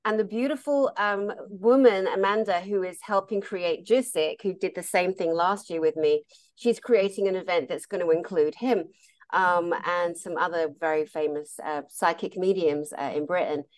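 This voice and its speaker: A woman therapist telling stories in a casual conversation, animated and laughing often. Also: lowish voice, moderate pace. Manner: animated, laughs often, acts out quoted voices. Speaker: therapist and meditation teacher.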